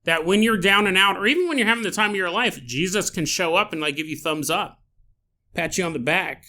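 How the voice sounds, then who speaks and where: A man hosting a solo podcast, telling a strange story in a jokey, animated way, laughing often, with a sore throat. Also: high voice, a little fast. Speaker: podcast host.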